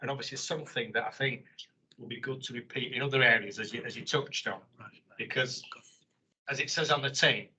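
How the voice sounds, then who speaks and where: A man's voice: mid-range voice, brisk, sharp tone, a little hiss or hum, low-quality recording. A man speaking in a board meeting, enthusiastic and informal. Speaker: board member. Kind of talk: meeting remarks.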